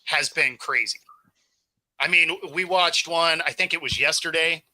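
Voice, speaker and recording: A man's voice: a little high, unhurried, sharp tone, low-quality recording. A man co-hosting a casual sports talk stream, laughing easily and explaining plays at length. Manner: laid-back, laughs easily, talks in run-on explanations. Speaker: sports show co-host.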